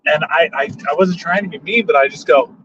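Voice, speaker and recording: A man telling stories casually as a passenger in a moving car, animated, jumping into loud high voices for quotes. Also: a little fast. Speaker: passenger and storyteller. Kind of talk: casual storytelling chat. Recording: dull lo-fi sound, faint road hum.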